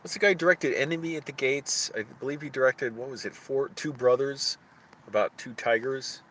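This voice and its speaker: A man streaming live, thinking aloud in casual chat, halting often as he searches for names. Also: mid-range voice, steady tone, fairly bright tone, a little hiss or hum.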